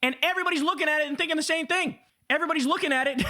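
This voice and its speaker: A man in his thirties streaming, reading an article aloud and reacting with profane, animated swagger. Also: very high-pitched, racing. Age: 30s.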